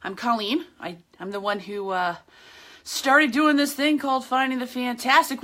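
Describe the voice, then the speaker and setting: A woman with a fairly high, slightly bright voice hosts her own podcast, talking straight to the camera for her viewers. She delivers a chatty, emphatic motivational monologue packed with slang.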